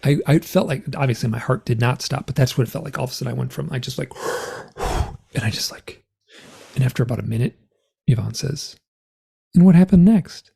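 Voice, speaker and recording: A man recounting a personal story as a guest in a conversation. His voice is gravelly and husky with a dark tone. He acts out the remembered dialogue and leaps high in pitch for the voices he quotes. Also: fast talker. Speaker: interview guest.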